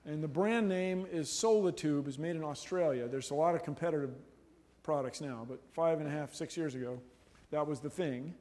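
A middle-aged man giving a humorous university lecture in a lecture hall, animated and jokey. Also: fairly high pitch, normal speed. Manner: animated, jokey, playful voices and laughs. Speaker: guest lecturer.

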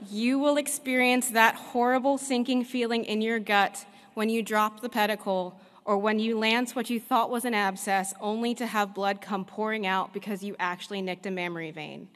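A veterinarian giving a prepared commencement address, speaking in a measured, earnest way with deliberate pauses. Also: female voice, mid-range voice, fairly even intonation, a bit bright. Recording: long reverb of a large hall.

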